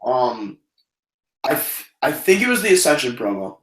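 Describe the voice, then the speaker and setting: A man with a medium-pitched voice speaks at a moderate pace, captured roughly in an echoey room. He is a podcast co-host casually reviewing wrestling. He is profane and animated, and he breaks into mocking impressions.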